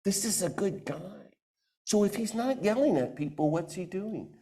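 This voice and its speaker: A man giving a lively talk to a church audience into a microphone, acting out the voices he quotes. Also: high voice, normal speed, gravelly. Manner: animated, acts out quoted voices. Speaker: guest speaker.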